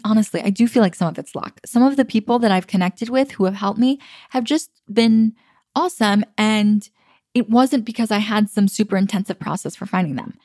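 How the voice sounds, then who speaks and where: A woman in her thirties hosts her own solo podcast, chatting casually and upbeat and laughing easily. Her voice is medium-pitched and a little mellow. It was recorded on a computer, with clean studio sound and no room noise.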